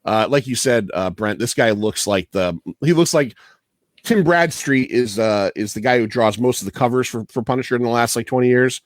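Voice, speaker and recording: A podcast host, a man, rambles through his trivia in loose, profane chat and laughs at his own asides. His voice sits at a middling pitch. The recording is dry and close, with no room sound at all. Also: moderate pace, no echo.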